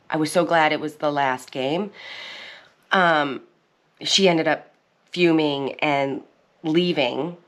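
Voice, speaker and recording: Woman, 30s, low voice, casual vlog host, rambling storyteller. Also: steady tone, slow. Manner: rambling, chatty storytelling with restarts. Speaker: channel host. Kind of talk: casual chat.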